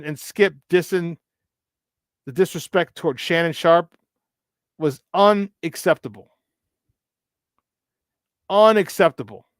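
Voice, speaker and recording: A man's voice: on the high side, no room sound, clean studio sound. A man hosting a morning sports talk show, talking casually and emphatically, repeating his points for weight. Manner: repetitive, emphatic, preachy asides.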